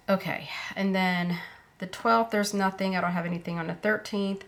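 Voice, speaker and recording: A woman talking casually through her budget planner, unhurried and thinking aloud with fillers as she goes. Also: medium pitch, fairly even intonation. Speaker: planner vlogger.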